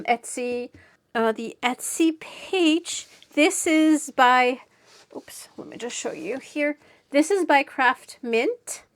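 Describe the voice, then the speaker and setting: A woman's voice: high-pitched, fairly bright tone. A woman hosting a casual crafting review video, speaking frankly and repeating herself when frustrated.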